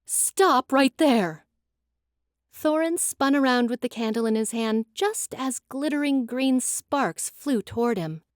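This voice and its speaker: Expressive woman narrating a fantasy audiobook. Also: a little high, no echo, clean studio sound. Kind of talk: scripted narration.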